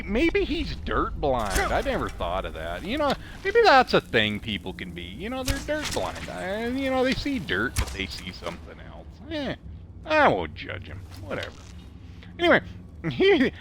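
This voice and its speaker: A man's voice: high voice, background noise. A man with a Canadian accent and a southern drawl, rambling through a story while playing a game, laughing often and adding snarky asides. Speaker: let's play streamer.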